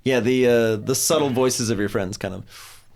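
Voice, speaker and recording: A man's voice: mid-range voice, normal speed, vocal fry, darkish tone. A man narrating a tabletop game as game master, playful and laughing often, dropping briefly into character voices.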